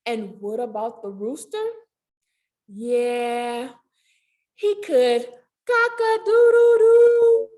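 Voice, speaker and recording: A woman reading a picture book aloud at a library storytime, animated and sing-song, with playful animal sound effects. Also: a little high, extremely slow, pauses often. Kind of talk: children's storytime read-aloud. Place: public library.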